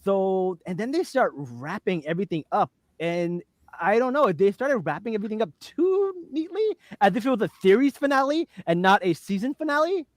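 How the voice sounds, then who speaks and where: A woman hosting a casual podcast chat, animated and laughing often, with plenty of fillers. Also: medium pitch, normal speed, dry recording. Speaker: podcast host.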